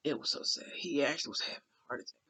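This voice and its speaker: A man recounting a vivid dream in casual, rambling speech, emotional and full of fillers, sometimes dropping to a hushed aside. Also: medium pitch, racing, slightly rough. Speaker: dream channeler.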